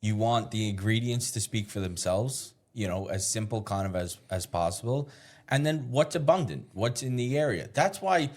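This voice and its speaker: A man with a fairly low voice talks in a relaxed interview. He is a chef and explains his points patiently. He thinks aloud and restarts his phrases now and then. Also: moderate pace. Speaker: chef guest. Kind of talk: casual interview chat.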